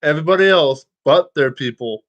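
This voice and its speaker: A man's voice: fairly high pitch, lively intonation, fairly quick, a bit bright, lo-fi sound. A man talking casually to his viewers, rambling, restarting lines and swearing freely. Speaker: vlogger.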